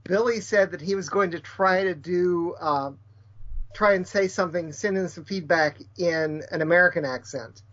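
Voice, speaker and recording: A man co-hosting a casual podcast, halting and filling his speech with pauses as he explains. His voice sits a little high. The audio is dull and lo-fi. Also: fairly bright tone. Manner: hesitant, many fillers and restarts. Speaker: podcast co-host.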